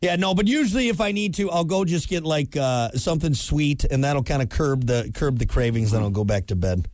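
A man's voice: a little high, expressive, fairly quick, darkish tone, no room sound. Chatty morning radio host, man. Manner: joking, grumbles about audio. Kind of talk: casual morning radio banter.

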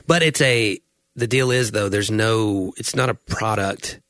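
A man co-hosting a podcast in casual chat, talking in a relaxed, halting way and repeating words, on a close studio microphone. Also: fairly low pitch, dry recording. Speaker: podcast co-host and audiobook narrator.

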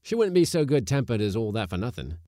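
A man's voice: mid-range voice, big pitch swings, fast, dark tone, no echo, clean studio sound, pitched above the performer's own voice, close to an everyday voice. A man voicing a careless, sardonic male ship's mate in a storybook reading. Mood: offhand. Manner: offhand and sardonic.

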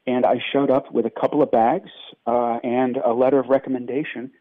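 A man who grew up in New York chats as a guest on a tinny, phone-like line. His delivery is self-deprecating and halting, full of fillers and quick jokes, and the sound is dry with no room. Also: medium pitch, level tone, dry recording. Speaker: actor guest. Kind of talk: casual interview chat.

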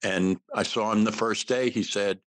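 Sixties man, actor guest, spins anecdotes with lively character voices, lower register, dry sound. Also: normal speed, dry recording, rough recording. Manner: animated storyteller, acts out quoted dialogue. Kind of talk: casual interview storytelling.

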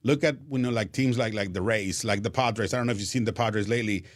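A man's voice: on the low side, fast, no room sound, clean studio sound. A man, a baseball broadcaster telling stories in a casual radio interview, repeating words and laughing easily. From Mexico. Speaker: Spanish-language baseball broadcaster, guest.

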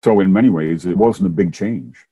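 An older man, a Methodist minister and former science teacher, telling his story in a relaxed interview with chuckles along the way. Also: low voice, moderate pace, husky. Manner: warm anecdotal storytelling with chuckles. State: hard of hearing, wears hearing aids.

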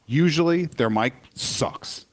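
A man hosting sports radio, chatting casually and opinionatedly about football broadcasters. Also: on the high side. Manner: animated, opinionated, quick restarts.

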